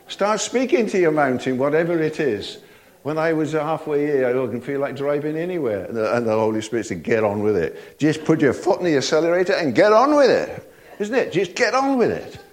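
An older man preaching a sermon in a folksy way, chuckling often and asking his listeners rhetorical tag questions. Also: fairly high pitch.

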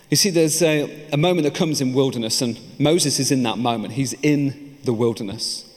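A man preaching a sermon in a church, earnest and personal, telling his own story between points. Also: medium pitch. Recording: echoey church hall.

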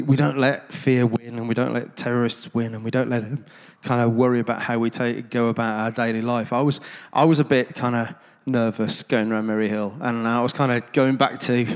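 A man of middle pitch talks to a gathered crowd in an easy, rambling way, with ums and wry asides at his own expense. His voice rings out with the long reverb of a large hall. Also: a little mellow. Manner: rambling and conversational, with many ums and self-deprecating asides. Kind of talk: informal anecdotal talk to a gathered audience.

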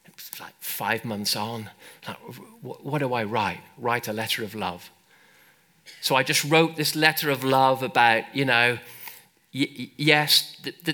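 An older man preaching a sermon, animated and emphatic, calling out to the congregation. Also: medium pitch.

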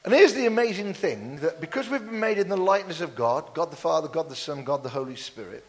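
A man preaching a sermon in a church, lively and jokey, with playful asides to the congregation. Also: fairly high pitch, quick pace, long reverb tail. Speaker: pastor.

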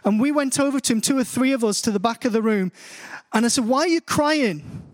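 A man with a British accent preaching a sermon in a church, reading scripture slowly and then telling stories with growing animation. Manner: slow, deliberate scripture reading; storytelling, rising in pitch as he grows animated. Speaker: pastor. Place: church hall.

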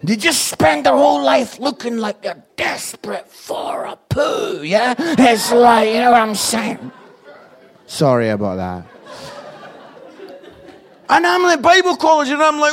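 A Scottish man preaching an evangelistic sermon, energetic and jokey with loud outbursts. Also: extremely high pitch, a little slow. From Scotland.

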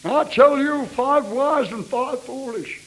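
A man's voice: extremely high pitch, takes it slowly, low-quality recording. A man preaching a fervent revivalist sermon, repeating his refrain and breaking into tongues.

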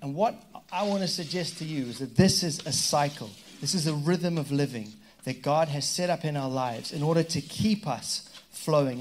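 A middle-aged man preaching a sermon, leading his congregation in call-and-response, swinging between loud emphatic peaks and quiet asides, with jokey remarks along the way. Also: on the high side, a little hiss or hum. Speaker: pastor. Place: church stage before a congregation.

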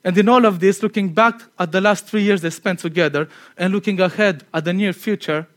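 A man preaching a conversational sermon. He is earnest and chatty, laughs at himself, and drops to a quiet tone for emphasis. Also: high-pitched, fairly quick.

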